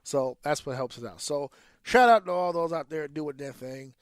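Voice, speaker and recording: A man on a podcast talks in a blunt, animated way and swears freely as he vents about teaching. His voice sits a little high for a man. The recording is dry and close, with no room sound. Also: moderate pace, smooth, no echo. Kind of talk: casual profane podcast chat.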